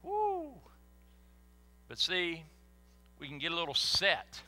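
An older man preaching a sermon in a church, animated and folksy, with sudden whoops. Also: fairly high pitch, normal speed. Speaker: pastor. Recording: echoey hall.

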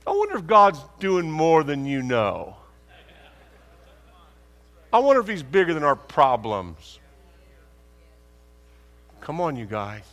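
A man preaching a sermon, telling stories and acting out conversations, asking rhetorical questions with lively emphasis. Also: a little high, slow, pauses often. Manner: animated, acts out dialogue, rhetorical questions. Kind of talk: sermon with storytelling. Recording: long hall reverb.

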